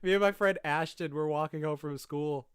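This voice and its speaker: A man's voice: on the high side, moderate pace, clean tone, no room sound, clean studio sound. Laughing, chatty young man podcaster. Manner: laughs often, chatty, swears casually. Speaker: podcast co-host. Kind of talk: casual podcast chat.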